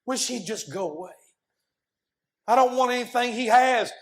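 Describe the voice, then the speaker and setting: A man's voice: very high-pitched, lively intonation, moderate pace. A preacher playing a grumbling, irritated man. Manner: grumbling, dismissive. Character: grumpy irritated man wanting to be left alone.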